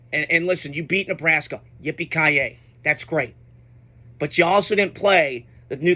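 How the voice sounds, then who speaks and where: Young male sports commentator, high bright voice, blunt and unfiltered. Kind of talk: casual sports reaction monologue.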